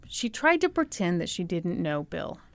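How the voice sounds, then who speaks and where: A woman's voice: fairly low pitch, moderate pace, vocal fry, no room sound. A woman co-hosting a podcast, telling a true crime story in a casual, sarcastic way and acting out the people she quotes. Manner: animated, sarcastic, acts out quotes with laughs.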